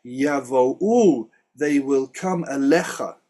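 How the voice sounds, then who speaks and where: A man teaching Hebrew words in a relaxed Torah study conversation, chatty and quick to laugh. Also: mid-range voice. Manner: chatty, laughs often, explains word by word. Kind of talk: casual Torah study chat.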